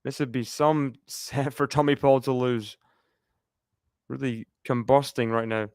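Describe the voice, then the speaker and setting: A man's voice: mid-range voice, steady tone, a little slow, darkish tone, dry recording, studio quality. Chatty man calling tennis live. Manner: chatty, reacts aloud and laughs often. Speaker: live stream host. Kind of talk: casual live play-by-play commentary.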